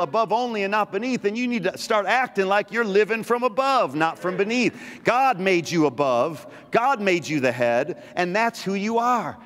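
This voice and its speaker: High-voiced pastor preaching in a hall. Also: male voice, a bit bright. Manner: emphatic, repeats phrases, teases the congregation. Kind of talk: sermon. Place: large church hall.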